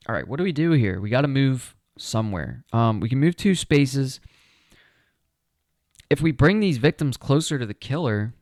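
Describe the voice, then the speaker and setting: A man streaming a solo board game playthrough, thinking aloud, counting his moves and asking viewers what they think in a relaxed, casual way that includes the odd swear. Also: mid-range voice, dry recording, clean studio sound.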